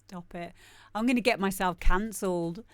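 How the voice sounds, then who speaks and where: A woman's voice: medium pitch, smooth, no room sound. A woman DJ hosting a live-stream show, giving chatty, rambling commentary on the tracks and laughing often. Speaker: DJ and show host.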